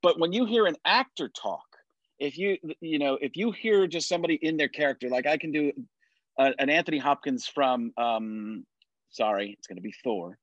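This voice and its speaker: Animated man telling stories, dry sound. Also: fairly high pitch, normal speed, dry recording, highs cut off. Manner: animated storyteller, drops into impressions. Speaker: podcast guest, impressionist. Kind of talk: casual chat.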